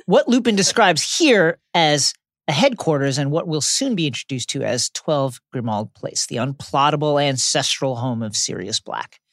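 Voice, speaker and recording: A man's voice: fairly high pitch, animated, moderate pace, a bit bright, no echo, studio quality. A man co-hosting a podcast, retelling a book's chapters in a dramatic, scripted way and acting out quotes. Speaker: podcast co-host. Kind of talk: podcast book recap, read from a script.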